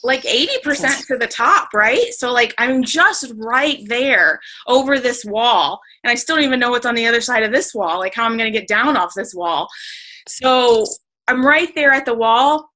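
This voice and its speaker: A woman tells a story casually over a video call. Her voice sits a little high and sounds bright and crisp. She talks in a chatty, emotional way, full of "like" and fillers. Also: lively intonation, moderate pace, low-quality recording. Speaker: team member sharing a story on a group call.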